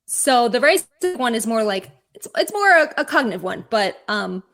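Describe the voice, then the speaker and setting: A woman therapist speaking as an interview guest, explaining advice clearly and repeating key phrases. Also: fairly high pitch, sing-song, fairly quick, fairly bright tone. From California.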